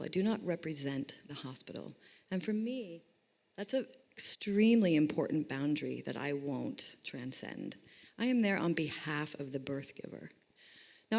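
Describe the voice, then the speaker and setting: A middle-aged woman speaking as a doula at a panel discussion. Her voice sits low, and she talks with emphatic, animated storytelling. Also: vocal fry.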